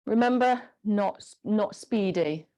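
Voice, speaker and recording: A woman instructor leading a gentle guided exercise class, encouraging and giving step-by-step movement cues. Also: medium pitch, slow pace.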